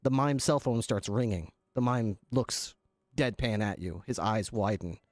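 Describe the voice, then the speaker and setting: Halting male game master. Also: lowish voice, no room sound, studio quality. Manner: rambling, halting narration with restarts. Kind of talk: narrating a role-play scenario.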